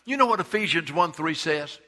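A man preaching a sermon, emphatic, repeating words for stress and swinging between loud and hushed delivery. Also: a little high, lively intonation, brisk. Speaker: pastor.

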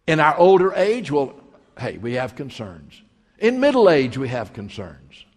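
A man preaching in a church hall, his voice carrying a long reverb. He speaks slowly and deliberately, with a lively, swinging pitch. He leans hard on repeated phrases for emphasis. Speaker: pastor. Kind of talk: sermon.

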